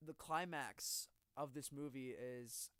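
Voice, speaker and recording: Male co-host, mid-pitched voice, animated and profane, recorded dry. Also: slow pace, clean tone, no echo. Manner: animated storyteller, swears freely. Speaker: podcast co-host. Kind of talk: casual chat.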